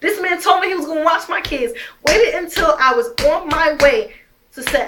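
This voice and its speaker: A woman's voice: very high voice, normal speed, a bit bright, slight background noise. A young woman telling her own story as a mother, emphatic and heated, swearing often. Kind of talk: emotional personal storytelling.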